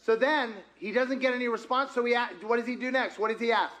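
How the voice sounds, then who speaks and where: High-voiced man preaching a sermon. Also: fast. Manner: asks the congregation frequent questions; conversational and animated. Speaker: pastor. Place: church sanctuary.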